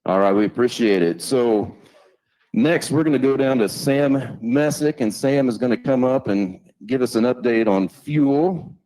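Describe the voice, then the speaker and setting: Man, meeting host, mellow tone, friendly conversational delivery. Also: mid-range voice, measured pace, low-quality recording. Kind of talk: live company meeting hosting.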